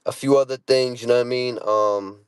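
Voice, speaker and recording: A man's voice: medium pitch, fairly even intonation, fairly quick, smooth, no echo. A man with a Boston accent, talking casually and profanely to camera from his car, full of street slang. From Boston area, Massachusetts. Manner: brash, profane, street slang, repeats "you know what I'm saying". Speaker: vlogger. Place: inside a parked car.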